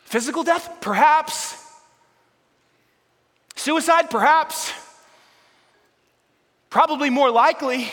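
A man's voice: very high voice, takes it slowly, pauses often, a bit bright. A pastor preaching a sermon, emphatic and repetitive, calling on his congregation to join in. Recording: long hall reverb.

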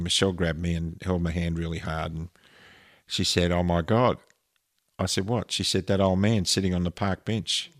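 A man's voice: low-pitched, no room sound, studio quality. A man earnestly telling an emotional personal story in a conversation, with frequent restarts. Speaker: interview guest.

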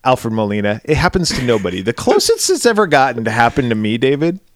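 A podcast co-host with a mid-range male voice talks quickly, telling stories in casual chat and acting out the quotes with animation. The sound is studio quality with no echo.

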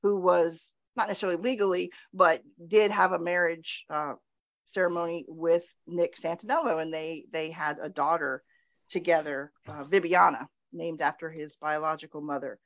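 A woman hosting a podcast, recapping television episodes in a relaxed, chatty way and laughing easily. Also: fairly low pitch, vocal fry, dry recording. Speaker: podcast host.

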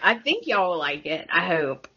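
Bright Southern American woman, giggly guest. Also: lowish voice, very animated, moderate pace, slightly rough. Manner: giggly, chatty, lots of "like" and "y'all". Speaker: podcast guest. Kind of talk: casual podcast chat. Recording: dull lo-fi podcast audio.

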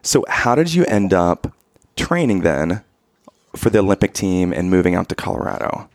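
A man co-hosting an interview, asking gentle questions and reacting briefly. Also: low-pitched, very animated, normal speed, no room sound, studio quality. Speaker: co-host. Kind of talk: casual interview chat.

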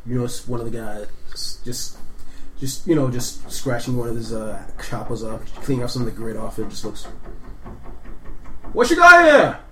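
A man narrating as game master of a tabletop game in an animated storytelling manner. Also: mid-range voice, fairly quick, echoey room, slight background noise, low-quality recording.

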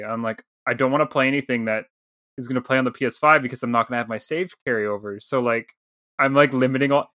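Bright-voiced man telling a lively story. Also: mid-range voice, no room sound, studio quality. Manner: animated storyteller, acts out quoted dialogue. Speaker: podcast co-host. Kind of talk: casual chat, storytelling.

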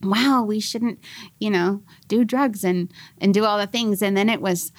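A woman in her forties, a podcast guest, telling her life story in an animated, laughing way and acting out the voices she quotes. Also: medium pitch, normal speed, dry recording. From California. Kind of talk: casual storytelling interview.

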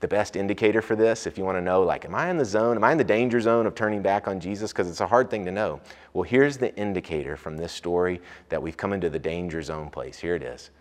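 A man preaching a sermon as a pastor, rising to loud emphatic peaks and dropping back low. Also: fast talker. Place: church sanctuary. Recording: long hall reverb.

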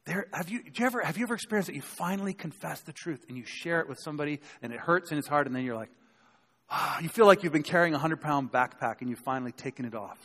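Animated and fast, a man with a highish, fairly bright and slightly rough voice preaches to a live congregation in a church sanctuary. His conversational sermon leans on emphatic points and rhetorical questions, heard through long hall reverb.

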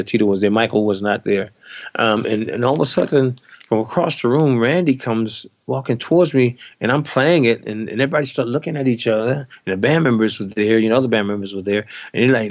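Man in his 60s, a drummer, animated storyteller; gravelly voice, dry close recording. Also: on the low side, no echo. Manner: animated, acts out quoted voices. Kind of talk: anecdotal storytelling.

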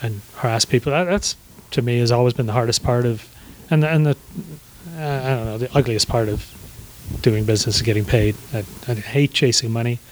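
A man in his sixties chats loosely as a podcast guest, circling back with "uh" and "um" and restarting his sentences as he tells stories. His voice sits at an ordinary middle pitch. The delivery is unhurried and conversational. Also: a little hiss or hum, rough recording. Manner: relaxed, rambling with many fillers and restarts. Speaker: guest, small business owner. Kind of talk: casual storytelling interview.

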